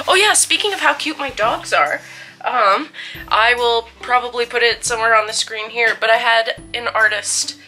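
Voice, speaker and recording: A woman's voice: fairly high pitch, moderate pace, pushed and bright, poor audio. Woman vlogger, chatty and a bit breathless, at an outdoor dog park; music plays under her. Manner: chatty, talks to her dogs in between. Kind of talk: casual vlog chat.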